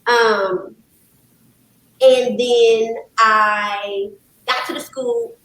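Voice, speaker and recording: A woman counselor, a guest on a talk show, telling her story in a lively, emphatic way and calling the host "girl". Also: a little high, very slow, long pauses. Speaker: licensed counselor, podcast guest. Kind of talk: casual conversational storytelling. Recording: roomy echo.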